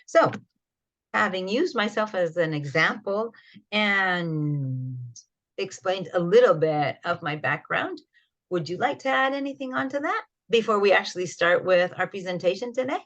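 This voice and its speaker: A woman from Canada, co-hosting an educational podcast, who tells her own background in a thoughtful way with many pauses. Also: medium pitch, lively intonation, fairly bright tone, highs cut off. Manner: thoughtful, hesitant, frequent "mm" pauses. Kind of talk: reflective personal account.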